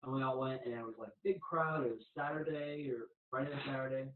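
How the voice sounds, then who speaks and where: Young guy hosting, relaxed and chatty, in an echoey room with narrow phone-like audio. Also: medium pitch, fast, far from the mic. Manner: easygoing, laughing storyteller. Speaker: podcast host. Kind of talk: casual chat.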